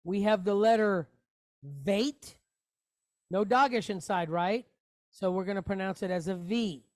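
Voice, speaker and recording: Slow, patient male Hebrew teacher. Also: sits high, dry recording. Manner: patient, explains step by step with asides. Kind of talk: online Hebrew lesson.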